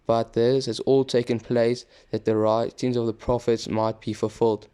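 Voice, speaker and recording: A man reading the words of Jesus, a calm male teacher, in a steady, even reading voice. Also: medium pitch, moderate pace, clean tone, lightly acted.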